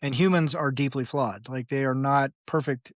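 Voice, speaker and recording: A man's voice: medium pitch, normal speed, dry recording, clean studio sound. A man talking as a podcast guest in a loose, rambling way, often saying "like" and "right?" and acting out quoted dialogue. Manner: animated, acts out quoted dialogue in other voices. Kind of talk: casual conversational interview.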